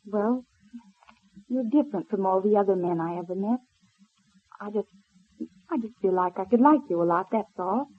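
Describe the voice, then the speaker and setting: A woman's voice: medium pitch, moderate pace, long pauses, slightly rough, close to an everyday voice. An actress playing a spirited, playful young woman in a 1930s radio serial. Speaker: radio drama actor. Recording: old narrow-band radio transfer.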